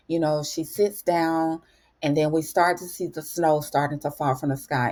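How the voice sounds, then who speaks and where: A woman hosting a casual TV recap, chatty and animated, calling her viewers "honey". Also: sits low. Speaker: TV recap host. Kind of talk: casual spoken episode recap.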